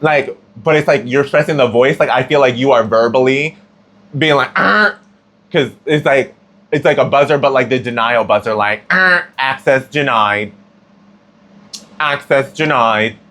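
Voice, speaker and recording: A man's voice: mid-range voice, moderate pace, a bit bright. A man giving a casual tarot reading, chatty and slangy, with plenty of filler words. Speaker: tarot reader.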